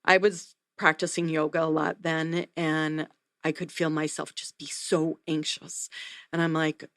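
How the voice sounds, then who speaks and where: A woman, a neonatal nurse practitioner, telling a story in an interview, earnest and animated. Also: deep voice, unhurried, no room sound, studio quality. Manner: earnest, animated retelling with acted quotes.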